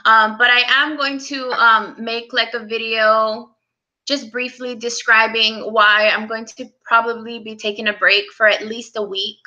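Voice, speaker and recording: A young woman chats on a live stream, talking slowly in a bright, higher voice. She sounds close to tears and speaks softly as she greets viewers one by one. The sound is a little dull, as if from a webcam mic. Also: flat delivery. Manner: soft, tearful, greets viewers by name. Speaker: livestream host. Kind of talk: casual live-stream chat.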